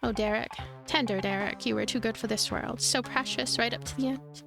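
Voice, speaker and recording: A woman's voice: fairly high pitch, steady tone, fairly quick, vocal fry, over music. A woman voicing a rambling, eager prisoner cellmate in a darkly quirky game. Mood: chatty. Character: chatty quirky prisoner cellmate, clingy and morbid.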